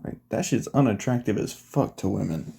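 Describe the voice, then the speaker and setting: A man's voice: on the low side, lively intonation, moderate pace, vocal fry, warm tone, slightly rough, full character voice. A man voicing a blunt, confident teenage boy hero in a loose, slangy, profane manner.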